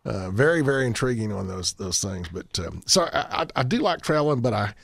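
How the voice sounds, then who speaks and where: A man's voice: mid-range voice, big pitch swings, a little fast, creaky, no room sound. Folksy man, dry studio sound. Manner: rambling, folksy, restarts often. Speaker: guest. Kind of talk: radio talk show interview.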